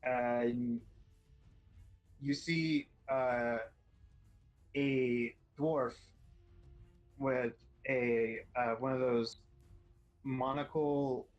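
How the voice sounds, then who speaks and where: A man narrating as game master of a tabletop game, talking slowly and hesitantly with many fillers. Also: mid-range voice, steady tone, highs cut off. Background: faint background music.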